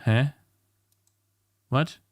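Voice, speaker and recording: A man streaming while he works on his game, talking casually, frustrated, swearing and muttering at his computer. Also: extremely slow. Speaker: indie game developer streamer. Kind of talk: casual live-stream talk while working. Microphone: streaming mic at a desk.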